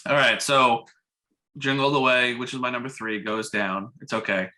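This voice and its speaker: Bright-voiced man retelling animatedly. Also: mid-range voice, normal speed. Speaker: podcast co-host. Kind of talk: casual chat.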